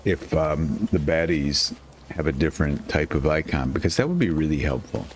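A man with a very low, deep voice talks his way through a survival game in loose, rambling commentary. He chats to his on-screen character and jokes at his own expense, with a faint hiss under the recording. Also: animated, moderate pace. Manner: chatty, self-mocking, talks to his character. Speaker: gaming channel host. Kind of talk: casual gameplay commentary. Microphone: headset.

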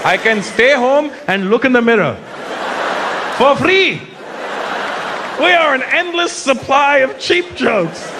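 A high, lively man performing stand-up on stage, his pitch swinging wide as he mocks and slips into impressions. He talks over a loud live crowd, with constant laughter and steady noise behind him. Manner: animated, mocking, quick to slip into impressions. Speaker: stand-up comedian. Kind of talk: stand-up comedy set. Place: theater stage before a live audience. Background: loud audience laughter.

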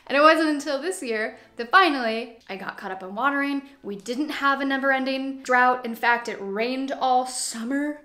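A young woman chats her way through a houseplant tour in a lively, casual vlog voice. Her voice sits a bit high, and the room around her rings with echo. She drifts from soft, cozy asides to sudden animated outbursts. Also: normal speed, few pauses. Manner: chatty and animated, swings between cozy hush and excited outbursts. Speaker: plant YouTuber. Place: living room full of plants. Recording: echoey room.

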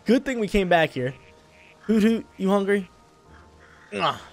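A young man casually commenting while he plays a video game, laid-back and slangy, with sudden loud bursts of excitement. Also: high voice, unhurried, faint music behind. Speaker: gameplay streamer.

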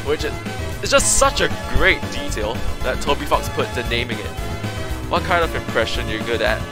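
A young man streaming a frustrating game, chatting casually to viewers, rambling and groaning, with game music behind him. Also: medium pitch. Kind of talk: casual gaming livestream chat.

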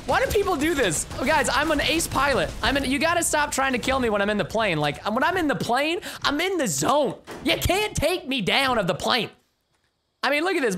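A young man giving live gameplay commentary as a streamer, excitable and chatty, with bursts of yelling at the game. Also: very high-pitched, a little hiss or hum. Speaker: gaming livestreamer.

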